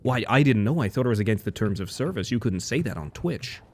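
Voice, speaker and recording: A man's voice: fairly low pitch, animated, quick pace, slight background noise. A man putting on a flustered, scandalised American man who stammers in disbelief. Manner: stammering, incredulous.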